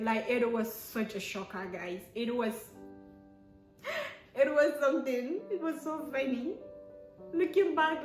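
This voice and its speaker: A young Nigerian woman with a Nigerian accent telling stories to camera in a casual, animated way, often exclaiming and acting out both sides of conversations. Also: a little high, slow. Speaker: vlogger. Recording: echoey room with soft piano music.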